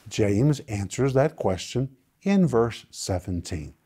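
A male preacher teaching a sermon, emphatic and repetitive, with sudden swings in loudness and pitch. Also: lively intonation, measured pace, slightly rough. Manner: emphatic, repeating phrases with sudden dynamic swings.

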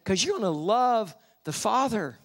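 A man preaching a sermon at a convention, slowing down for scripture and rising in pitch to stress his points. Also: expressive, a bit bright. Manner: slows down to read scripture, rises in pitch for emphasis. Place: convention hall.

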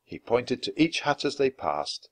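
Expressive man reading a children's story. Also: mid-range voice, a little slow. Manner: expressive and lively. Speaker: storybook reader. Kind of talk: children's story read-aloud.

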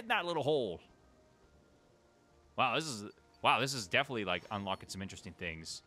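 A gaming channel host gives chatty play-along commentary, talking to the on-screen creatures and bursting into excited exclamations. His mid-range voice is brisk with frequent pauses, and faint music plays behind him.

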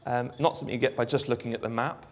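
A Welsh man giving a live demonstration of a phone app, explaining in a relaxed way with frequent ums. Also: medium pitch, very fast. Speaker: app developer giving a presentation. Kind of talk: live product demo talk.

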